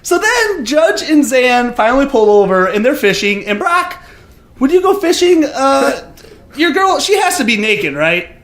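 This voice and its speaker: A man co-hosting a podcast, telling stories in an animated, casual and profane way. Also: extremely high pitch, measured pace, reverberant. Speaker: podcast co-host. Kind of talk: casual chat.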